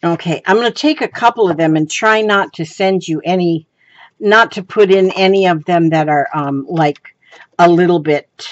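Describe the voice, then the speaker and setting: A woman's voice: lowish voice, no room sound, highs cut off. A woman chatting casually as she shows her crafts, rambling with many ums and restarts and breaking into giggles. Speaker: crafting vlogger. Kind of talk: casual show-and-tell chat.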